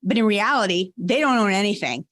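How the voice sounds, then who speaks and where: A woman guest on a podcast, giving leadership advice. She talks in a steady, explanatory manner at a middle pitch and lays out her ideas point by point. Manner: measured, explanatory. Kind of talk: conversational advice.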